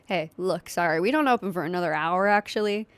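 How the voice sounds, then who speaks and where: Woman reading as a middle-aged pizzeria owner, brisk, businesslike, quick, game dialogue. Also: fairly low pitch, lively intonation, clear, resonant tone, dry recording, lightly acted. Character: middle-aged Italian man running a pizzeria.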